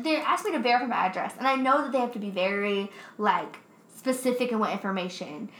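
Animated young woman, bright and roomy. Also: on the high side. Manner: animated, swears often, laughs while telling. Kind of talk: casual storytelling chat. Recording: roomy echo.

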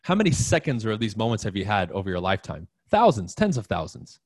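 A man's voice: on the low side, very animated, fast talker, no echo, clean studio sound. A man giving a casual, emphatic motivational talk to an audience, repeating key phrases and asking them questions. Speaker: motivational speaker.

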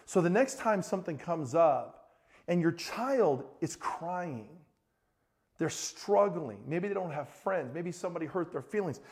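Animated middle-aged male pastor preaching. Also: high voice. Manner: storytelling, animated, rises to excited shouting in anecdotes. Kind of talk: sermon.

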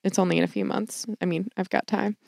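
A woman's voice: mid-range voice, fairly even intonation, fast, gravelly, darkish tone, no echo, studio quality. A woman co-hosting a podcast in casual chat, laughing often and swearing casually. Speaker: podcast co-host.

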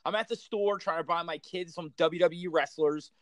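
A man with a somewhat high voice tells blunt stories and swears freely as he co-hosts a podcast. He sits close to a dry mic with no room echo. He keeps the talk loose and casual. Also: fairly even intonation, moderate pace. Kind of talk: casual chat.

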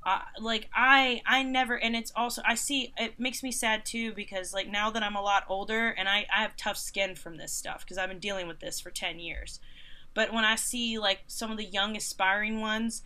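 Bright-voiced woman in her thirties. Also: mid-range voice, normal speed. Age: 30s. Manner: animated, sarcastic retelling with mocking quoted voices. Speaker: concert photographer. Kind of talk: casual interview storytelling.

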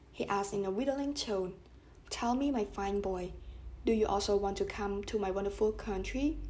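A woman reading a children's story aloud, gently voicing the characters. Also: medium pitch, husky. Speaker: audiobook reader. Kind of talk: storybook narration.

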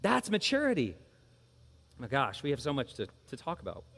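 A man's voice: mid-range voice, wildly swooping pitch, normal speed, gravelly, a bit bright, long reverb tail. A man preaching a sermon as pastor, earnest and emphatic, driving points home with repeated phrases.

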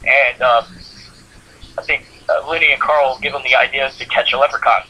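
A man's voice: medium pitch, fairly even intonation, moderate pace, pushed and bright, rough recording. A man co-hosting a podcast, casually recapping a cartoon episode with lots of fillers. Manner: rambling plot recap with frequent fillers and laughs. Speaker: podcast co-host. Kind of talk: casual chat.

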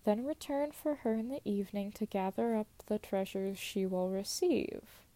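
A woman voicing a cold, scheming older stepmother in a low, hushed tone while reading a folk tale aloud. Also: normal speed, close to an everyday voice.

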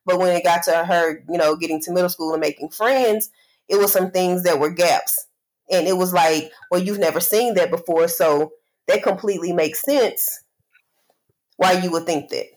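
Woman co-host, lowish voice, thoughtful and rambling, casual podcast talk. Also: moderate pace, a little mellow, poor audio. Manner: reflective, talks in long winding run-ons with many "you know"s.

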